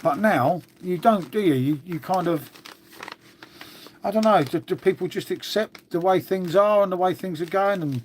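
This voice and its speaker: The voice belongs to a middle-aged man, high-pitched and moderately paced, with a bit of hiss or hum on the recording. Laid-back, he rambles to his stream audience, calls everyone mate, and muses aloud while cleaning up.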